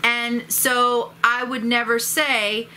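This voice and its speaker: A woman's voice: on the high side, slow pace, a little hiss or hum. A woman talking casually and expressively to the camera in a vlog. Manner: animated, expressive. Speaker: vlogger.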